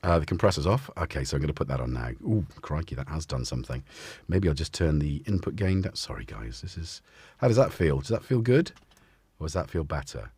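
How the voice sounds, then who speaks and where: A man's voice: a bass voice, big pitch swings, fairly quick, a little mellow, breathy edge, dry recording. A man hosting a casual live stream from his home music studio, rambling and chatting to his cats as he goes. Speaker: livestream host.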